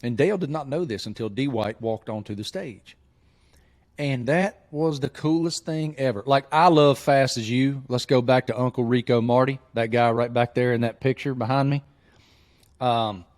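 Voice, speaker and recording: Man, forties, podcast host, from southwest Virginia, joking storyteller, middle pitch. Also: moderate pace, a little mellow. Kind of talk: casual chat.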